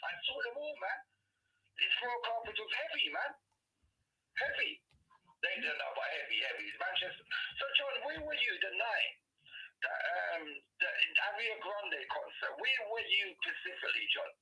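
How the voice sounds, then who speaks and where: A man's voice: high voice, fairly quick, husky, poor audio. A man from England talking animatedly and casually, swearing as he reminisces. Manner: animated, swearing, nostalgic storytelling. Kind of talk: casual chat.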